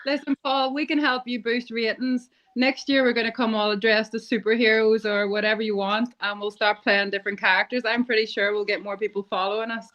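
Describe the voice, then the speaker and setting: A woman's voice: fairly high pitch, level tone, brisk, hardly any pauses, fairly bright tone, muffled recording. A woman guest on a video call talking playfully about arm wrestling strategy. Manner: playful, scheming. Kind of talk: casual chat.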